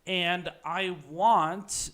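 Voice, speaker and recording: A man's voice: high-pitched, steady tone, very slow, fairly bright tone. A man co-hosting a podcast in casual chat, agreeing often but giving critical opinions. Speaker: podcast co-host. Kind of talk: casual wrestling review chat.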